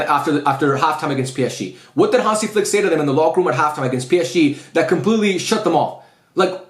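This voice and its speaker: Fast-talking frustrated man ranting. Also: high-pitched, roomy sound. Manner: frustrated, profane, repeats himself. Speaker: football fan reviewer. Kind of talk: ranting post-match review.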